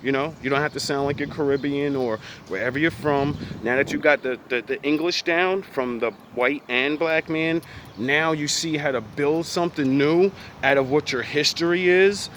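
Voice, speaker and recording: A man's voice: fairly high pitch, normal speed, a bit bright, slight background noise. Blunt, profane American man ranting. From United States. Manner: blunt, profane, emphatic, repetitive. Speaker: vlogger. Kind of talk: ranting commentary.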